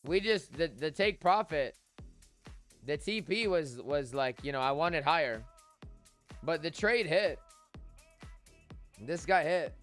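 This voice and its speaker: A man's voice: fairly high pitch, animated, takes it slowly, long pauses, a bit bright, faint music behind. A man hosting a live crypto trading stream, hyped and joking, chanting a catchphrase over and over. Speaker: host, crypto trader. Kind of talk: live-stream market commentary.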